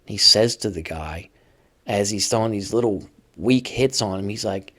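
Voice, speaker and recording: Male host, slightly low voice, conversational first-person storytelling. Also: normal speed. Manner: casual, conversational, acts out quoted voices loudly. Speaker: podcast host telling prison stories.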